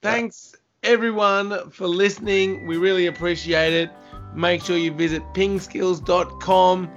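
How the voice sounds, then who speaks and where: Male host, slightly high voice, slow and deliberate, dull lo-fi sound, playful teasing. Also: steady tone, soft background music. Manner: teasing, giggles at own facts. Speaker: podcast host. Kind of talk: casual chat.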